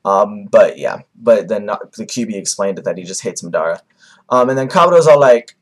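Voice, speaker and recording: A man's voice: fairly low pitch, lively intonation, fairly quick. A young man giving casual, rambling commentary on a comic chapter, with many fillers and restarts. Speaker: manga reviewer.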